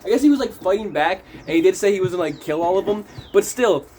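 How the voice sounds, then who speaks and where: A young man recapping a movie in a casual vlog, animated and profane, acting out scenes as he talks outdoors in cold wet weather. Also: high voice, fast, a little hiss or hum. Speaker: movie reviewer.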